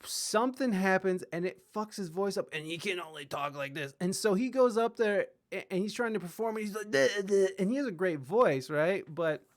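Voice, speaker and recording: A man's voice: high voice, expressive, normal speed, few pauses. A man hosting a livestream, chatting casually and rambling with plenty of swearing as he reacts to clips. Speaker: livestream host. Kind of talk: casual chat.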